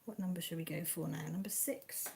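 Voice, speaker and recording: A woman's voice: fairly low pitch, a little fast, creaky, mellow, slight background noise. A Welsh woman hosting a live stream from home, chatting casually and reading out viewers' comments in a homely, slangy way with the odd mild swear. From Wales.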